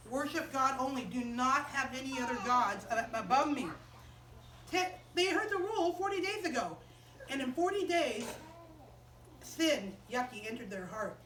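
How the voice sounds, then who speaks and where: A woman teaching a Bible story to children in a chapel, animated and quizzing them as she goes. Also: high-pitched, recorded from a distance, slight background noise. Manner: animated, asks the children questions. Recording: roomy chapel, voice off-mic.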